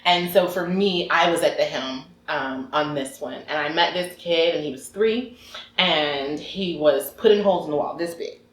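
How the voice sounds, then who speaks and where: A woman working as a behavior analyst, telling stories in an earnest, animated way during a casual conversation. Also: low-pitched, moderate pace. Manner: animated, earnest, faith-filled storyteller. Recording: roomy echoey room.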